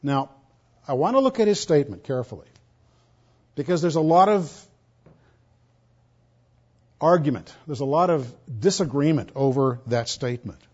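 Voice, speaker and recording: Male pastor, higher-pitched, emphatic sermon delivery with loud-soft swings; muffled lo-fi audio. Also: expressive, moderate pace, pauses often, breathy edge. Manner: emphatic, swinging between loud stresses and quiet asides. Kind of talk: expository sermon.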